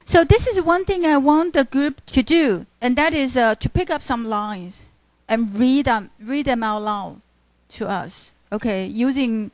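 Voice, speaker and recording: A woman teaching a university literature class. She speaks very slowly and halts often, restarting her words. Her voice sits a little high and sounds dry and close. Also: no room sound. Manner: halting, full of fillers and self-corrections. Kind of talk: classroom lecture.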